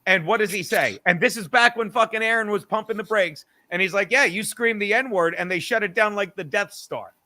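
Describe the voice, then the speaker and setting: High, bright-voiced man ranting. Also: brisk, few pauses. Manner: animated, swearing, argues with self, laughs often. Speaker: podcast host. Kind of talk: casual comedic rant.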